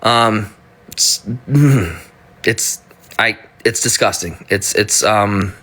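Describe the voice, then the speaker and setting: A man's voice: lowish voice, very slow, a bit bright. A man in his thirties talking casually on a live stream, blunt and profane, often stumbling and restarting his sentences.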